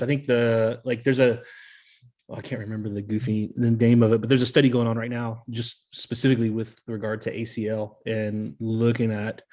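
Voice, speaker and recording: A man's voice: medium pitch, a little mellow. A man co-hosting a podcast, chatting casually and explaining research with frequent fillers. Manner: chatty, laughs often, explains with many fillers. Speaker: podcast co-host.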